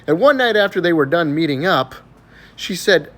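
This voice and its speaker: A man telling jokes in a casual way, animated, laughing at his own punchlines. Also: on the high side, normal speed. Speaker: joke teller.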